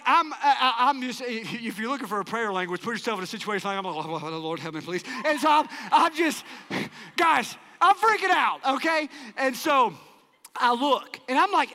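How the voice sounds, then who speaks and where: A male pastor telling a story in a sermon with animated, self-mocking humor in a large church auditorium. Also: very high voice, big-room sound.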